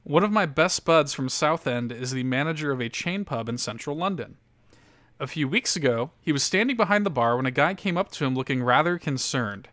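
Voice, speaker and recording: A man's voice: mid-range voice, lively intonation, fairly quick, a bit bright, no echo. A man hosting a casual podcast, reading an article aloud with lots of laughter and loose, profane storytelling. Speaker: podcast host.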